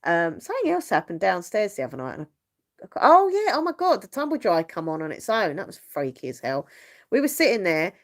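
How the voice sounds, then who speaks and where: A woman's voice: mid-range voice, huge pitch swings, fairly quick. A young woman host chatting casually on a live stream from her bedroom at home, rambling and laughing often. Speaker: channel host.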